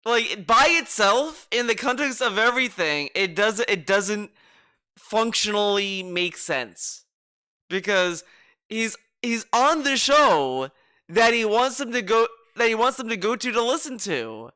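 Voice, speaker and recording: A man streaming, reacting to a clip with excited, sarcastic commentary, swearing and muttering to himself. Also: high voice, a little slow, smooth.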